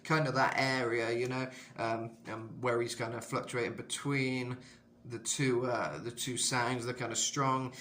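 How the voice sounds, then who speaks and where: A man's voice: little pitch movement, unhurried, pushed and bright, slight background noise. A British man in his twenties, chatting loosely through a vocal tutorial, with lots of fillers and asides. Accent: British English. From England. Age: 20s. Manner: rambling, filler-heavy, breaks into high falsetto demos. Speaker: vocal coach.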